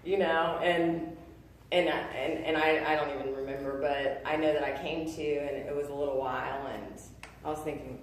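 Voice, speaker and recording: A woman in her thirties giving a personal testimony, earnest and halting, full of fillers and restarts. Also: low voice, fairly even intonation, a little hiss or hum. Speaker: testimony speaker. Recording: echoey room, voice from a distance.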